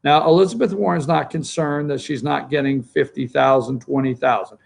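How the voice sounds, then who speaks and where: Gravelly man hosting morning talk. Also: medium pitch, normal speed. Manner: rambling, conversational, talks to producer off-mic. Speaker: host. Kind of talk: opinion talk show commentary.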